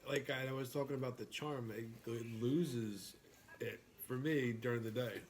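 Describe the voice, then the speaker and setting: A relaxed man from New York, a food vlogger, talking casually over a meal. His pitch sits in the ordinary middle, and he muses aloud, often trailing off and starting again. A faint hiss of noise lies underneath. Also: normal speed. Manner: easygoing, musing, trails off and restarts. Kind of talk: casual chat while eating.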